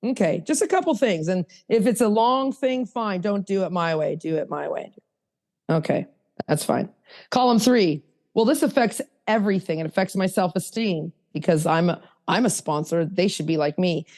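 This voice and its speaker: A woman hosting a podcast, teaching a hands-on workshop in a casual way, blunt and self-mocking, swinging from low asides to high emphatic bursts. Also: expressive, normal speed, a little mellow. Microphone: podcast mic.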